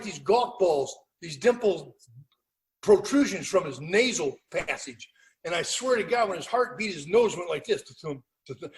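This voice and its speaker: An older man tells his recovery story at a meeting over a video call, and his voice sits fairly high. He talks plainly and with wry humor. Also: low-quality recording. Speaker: AA speaker.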